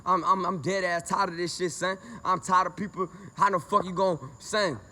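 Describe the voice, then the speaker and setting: A man's voice: sits high, flat delivery, normal speed, sharp tone. A man from Lake Charles, angry and confrontational, ranting profanely to camera. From Lake Charles, Louisiana, US. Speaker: vlogger. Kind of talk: heated rant to camera.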